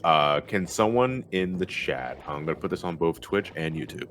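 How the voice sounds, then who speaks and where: A man's voice: deep voice, animated, moderate pace, a bit bright, slight background noise. A man hosting a gaming livestream, chatting casually and reading out donations with jokes and swearing. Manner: profane, joking and laughing often. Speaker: livestream host.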